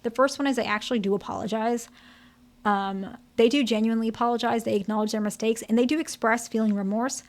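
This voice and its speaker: A woman's voice: a little high, fairly even intonation, fast. A woman therapist explaining relationship patterns to camera in a candid, conversational way, often checking in with "okay?" and "right?". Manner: candid, direct.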